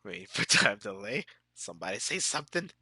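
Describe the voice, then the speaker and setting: A man's voice: lowish voice, very animated, fairly quick, pushed and bright, slightly rough, dry recording, clean studio sound. A man with a stuffy, sick-sounding nose chatting casually with his viewers while streaming a game, laid-back and laughing often. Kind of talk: casual live-stream chat.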